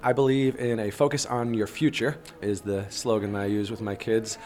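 Low-voiced man, steady teacher. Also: moderate pace, faint music behind. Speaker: high school teacher guest. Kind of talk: interview answers.

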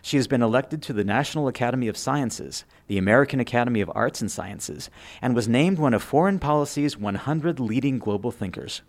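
Gravelly-voiced male interviewer. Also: medium pitch. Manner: calm, reads guest introduction then asks questions. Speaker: interview host. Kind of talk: interview hosting.

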